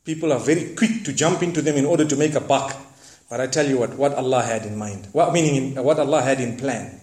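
A man preaching, retelling a story dramatically with lively asides and moral lessons. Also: a little high, roomy sound. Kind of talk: sermon storytelling.

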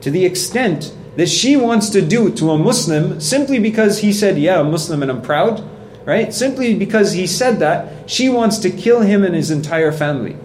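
A man's voice: high voice, animated, moderate pace, hardly any pauses, darkish tone, slight background noise. A man giving a sermon in a conversational, earnest way, telling stories with acted quotes and repeating points for emphasis. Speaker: preacher.

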